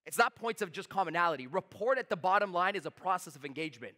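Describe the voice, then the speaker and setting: A man giving a live sales seminar, talking fast, emphatic and blunt, swearing freely at his audience. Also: fairly high pitch, bright, forceful tone, in a large hall. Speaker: sales trainer.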